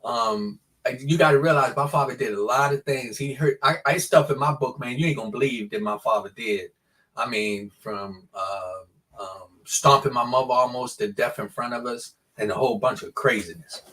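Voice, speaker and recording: A man in his sixties, a podcast guest telling his life story in an earnest, halting way with frequent restarts. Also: mid-range voice, fairly bright tone, far from the mic. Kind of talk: personal storytelling in an interview.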